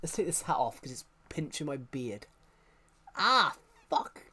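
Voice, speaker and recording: A man's voice: medium pitch, fairly quick, a little hiss or hum. A man chatting casually on his livestream, rambling and often restarting his sentences.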